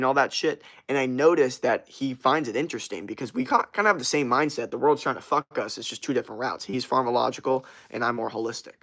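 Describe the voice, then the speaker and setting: A man's voice: mid-range voice, fairly bright tone. A young man chatting casually on a livestream, rambling and swearing, with slang and frequent laughs as he answers his chat.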